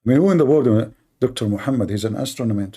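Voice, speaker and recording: A man's voice: medium pitch, very fast, mellow, breathy edge. A man hosting a live call-in debate, sarcastic, mocking and combative. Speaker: host of a live debate stream.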